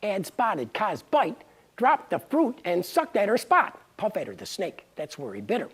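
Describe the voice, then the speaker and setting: Gravelly husky woman reading a punning tale. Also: medium pitch, unhurried. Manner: playful, pun-laden, lively. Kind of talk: reading her own punning story aloud.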